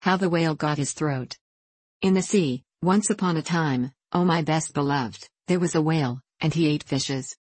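A woman with a low, slightly husky voice reads a children's storybook aloud. Her cadence is slow and sing-song, savoring each line. The sound is dry and close. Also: darkish tone, no echo.

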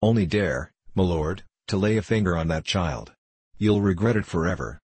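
A man doing a sharp-tongued, stern mother. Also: low voice, lively intonation, normal speed, breathy edge, dry recording, full character voice. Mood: furious. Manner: biting, scornful.

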